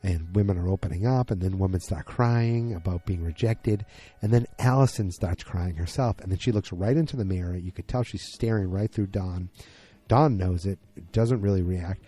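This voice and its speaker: Husky, dark-voiced podcast host. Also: male voice, low voice, moderate pace. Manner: rambling, loose, many fillers and restarts. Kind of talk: casual episode recap.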